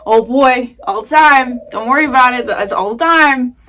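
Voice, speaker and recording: Woman vlogger, high-pitched, rambling vent swinging soft to loud, faint hiss behind. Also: moderate pace. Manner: rambling, swings between muttering and loud outbursts. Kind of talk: emotional casual rant. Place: home.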